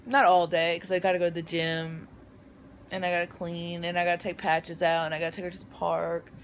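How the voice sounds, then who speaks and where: A woman chatting casually to her phone camera from bed, with playful shouts and sudden loud bursts. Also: on the low side, completely flat delivery, a little fast, a little hiss or hum. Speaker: vlogger. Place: lying in bed at home.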